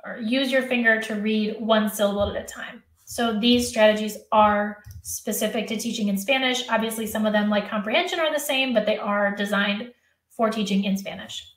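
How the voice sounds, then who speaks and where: A woman's voice: medium pitch, fairly even intonation, moderate pace, roomy sound. A woman hosting a live teacher workshop, answering chat questions by name in a chatty, self-correcting way, and she is losing her voice.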